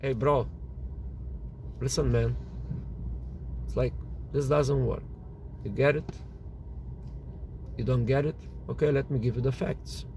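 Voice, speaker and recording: A man doing an icy-calm business partner. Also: a little hiss or hum. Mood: cool. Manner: low, slow and measured. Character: calm, cool male business partner, flat and firm.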